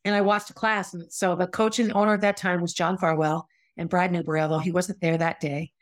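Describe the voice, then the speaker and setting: A woman's voice: fairly low pitch, little pitch movement, fairly quick, no echo. A middle-aged woman hosting a podcast, telling her own story in a candid, conversational way and acting out what people said. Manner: candid and conversational, acts out quoted voices. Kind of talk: personal storytelling monologue.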